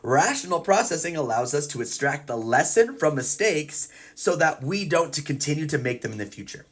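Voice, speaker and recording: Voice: mid-range voice, very animated, brisk. Therapist explaining reasoning with examples. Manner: acts out people's inner thoughts. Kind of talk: educational explainer video.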